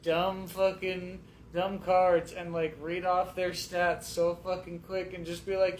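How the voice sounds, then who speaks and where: Swearing man with a slightly higher voice. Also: completely flat delivery, takes it slowly, hardly any pauses. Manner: profane, emphatic storytelling. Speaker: guest rapper. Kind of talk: casual radio chat. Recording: echoey room with faint noise.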